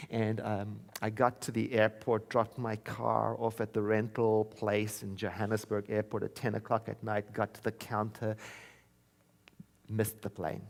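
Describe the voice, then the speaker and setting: A man from South Africa giving a sermon in a church, telling a personal story in a conversational way and slowing into soft, chanted affirmations. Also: fairly low pitch, vocal fry. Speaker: minister. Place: church sanctuary.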